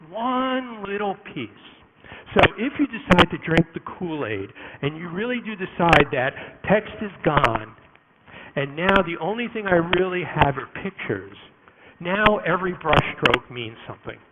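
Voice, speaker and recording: Animated, joking male conference speaker. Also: fairly high pitch, heavy background noise. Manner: animated, jokey, talks to the audience with quick asides and restarts. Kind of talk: live tech conference talk. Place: conference room before an audience.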